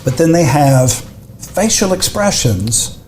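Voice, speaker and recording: An older man with a somewhat high, mellow voice teaches in easy conversation. He leans on key words and walks through each point step by step. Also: very animated, slow, slight background noise. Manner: emphatic, explains step by step with acted-out quotes. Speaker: advertising expert guest.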